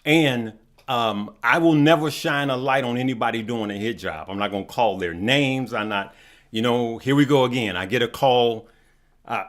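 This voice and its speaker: A man hosting a casual stock market livestream, greeting viewers one by one by name. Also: mid-range voice. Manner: unhurried, shout-outs to viewers by name.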